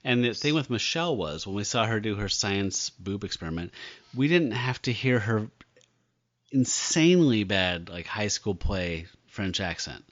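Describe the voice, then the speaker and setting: A man co-hosting a podcast, blunt and prone to crude rants. His low voice swings widely and sounds bright. The recording is slightly dull. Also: lively intonation, moderate pace, dry recording. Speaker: podcast co-host. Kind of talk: casual chat.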